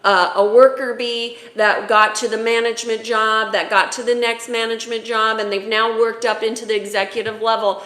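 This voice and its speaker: A woman's voice: on the high side, a bit bright, roomy sound. A woman spiritual coach giving a heartfelt, emotional talk about the soul, tearful at times.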